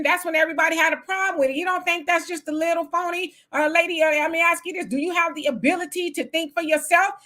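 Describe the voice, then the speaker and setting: Woman host for a live call-in style stream, bright, emphatic, casual. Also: sits high. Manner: reads viewer comments aloud, then argues back in casual, emphatic speech. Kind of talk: live political talk stream.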